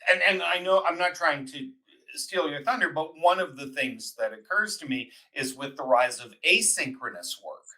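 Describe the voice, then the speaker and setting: An older man hosting an interview, chatty and quick to laugh. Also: fairly high pitch, bright, forceful tone, low-quality recording. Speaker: podcast host. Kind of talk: interview conversation.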